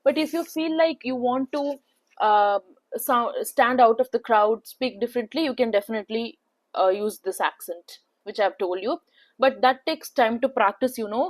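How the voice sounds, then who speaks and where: A young woman with an Indian accent talking through test practice in a casual, filler-heavy way, often checking in with "okay". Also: a little high. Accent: Indian English. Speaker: placement test tutor. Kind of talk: casual spoken tutorial.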